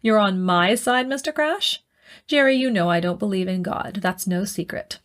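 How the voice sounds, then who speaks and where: A woman voicing a stubborn, skeptical male starship captain who speaks calmly and with command, in an audiobook. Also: mid-range voice, normal speed, natural voice. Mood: firm. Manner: calm, commanding.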